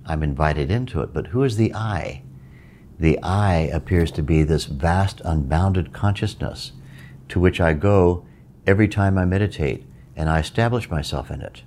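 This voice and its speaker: Very deep-voiced man teaching meditation. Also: darkish tone, a little hiss or hum. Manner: measured, repeats phrases for emphasis. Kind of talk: reflective spoken teaching.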